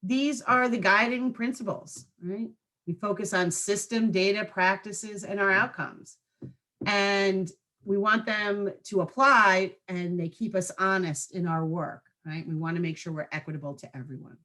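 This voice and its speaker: A woman's voice: mid-range voice, steady tone, measured pace, pushed and bright. A woman trainer giving a training presentation to school staff in a conversational way, often checking in with her listeners through short tag questions.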